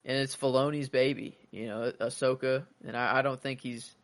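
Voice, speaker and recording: A man's voice: mid-range voice, steady tone, moderate pace, a bit bright, no room sound. A man co-hosting a podcast, rambling loosely with casual swearing. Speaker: podcast co-host. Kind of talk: casual fan chat.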